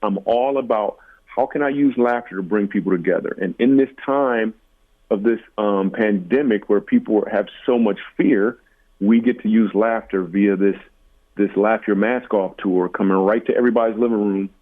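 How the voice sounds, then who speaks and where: A man's voice: on the low side, normal speed. Jokey man over a tinny line. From Michigan, USA. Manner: animated, jokey, self-deprecating. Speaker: comedian guest. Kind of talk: casual interview storytelling.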